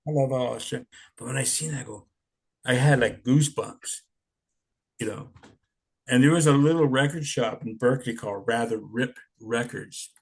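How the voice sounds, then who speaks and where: A man's voice: medium pitch, normal speed, creaky, husky. Older guy in his sixties, rambling punk stories, laid-back, cusses a lot. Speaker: interviewee, punk musician. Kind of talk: casual storytelling.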